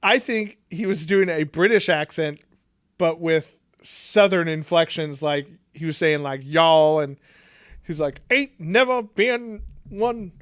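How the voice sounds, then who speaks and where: A man's voice: a little high, dry recording, studio quality. A man co-hosting a podcast, chatting casually, swearing and joking as he acts out quotes. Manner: swearing, jokey, quick to act out quotes. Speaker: podcast co-host. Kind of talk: casual chat.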